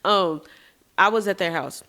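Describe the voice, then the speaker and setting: A woman's voice: mid-range voice, unhurried. A woman hosting a podcast, telling her own story candidly, speaking straight to her listeners and swearing casually. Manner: frank and expressive, addresses listeners as y'all. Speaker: podcast host. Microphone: podcast microphone.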